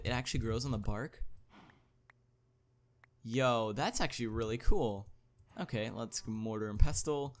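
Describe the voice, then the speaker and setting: A man hosting a gaming video, thinking aloud as he plays, chatty, with excited interjections. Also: lowish voice. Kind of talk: casual gameplay commentary.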